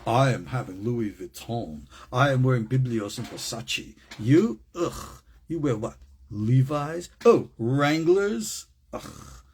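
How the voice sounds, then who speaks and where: A man voicing a snobbish rich show-off who looks down on people in cheap clothes, with a haughty, husky voice. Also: medium pitch, animated, darkish tone, heavily acted. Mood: sneering. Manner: haughty, disdainful, drawn-out.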